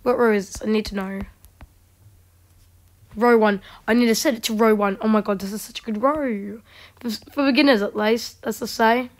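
A woman giving casual gameplay commentary, chatting to herself and mocking herself in quiet whispered asides. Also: a little high, steady tone, moderate pace. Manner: chatty, talks to herself while playing. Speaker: gaming video creator.

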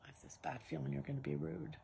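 A woman's voice: low voice, level tone, fast talker, gravelly, mellow, slight background noise. A woman acting as a patient in a silly home comedy skit, playful and a bit bossy.

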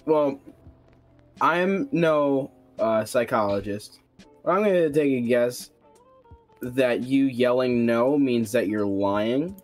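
A man's voice: mid-range voice, slow, soft background music. Hesitant man questioning as a police officer. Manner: calm, hesitant questioning with fillers. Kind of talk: voice chat role-play.

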